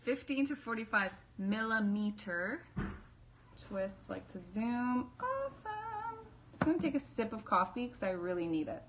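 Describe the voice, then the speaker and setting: A woman's voice: on the high side, wildly swooping pitch, normal speed, background noise. A young woman vlogging casually as she unboxes a camera, bubbly and chatty, full of fillers and self-deprecating asides.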